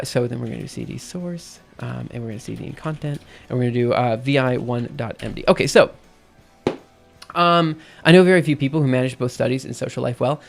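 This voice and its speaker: A man's voice: medium pitch, vocal fry. A man live-streaming in casual chat, rambling and self-interrupting, often checking in with "right?" between thoughts.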